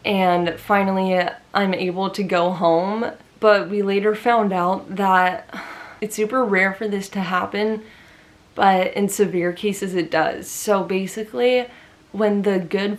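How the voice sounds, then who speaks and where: A woman vlogger telling a personal story to camera in an earnest, emphatic way, with lots of "like" fillers. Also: mid-range voice.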